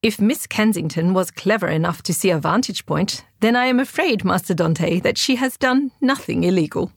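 A woman's voice: mid-range voice, lively intonation, moderate pace, husky, no room sound, clean studio sound. A woman voicing a polite, formal man who speaks like a courteous household mentor.

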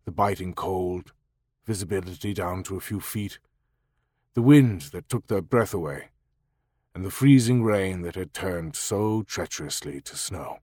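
A man reads an audiobook in a measured, even storytelling manner. His voice sits fairly low, and the recording is close and dry, with no room sound around it. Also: no echo. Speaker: audiobook narrator. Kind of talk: scripted audiobook narration.

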